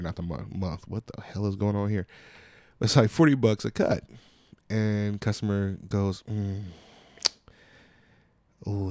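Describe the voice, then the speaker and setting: A man's voice: sits low, darkish tone, no echo. A young man hosting a podcast, chatting casually and telling profane stories, acting out what customers said. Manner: laid-back, profane storytelling with acted-out quotes. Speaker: podcast host. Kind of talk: casual chat.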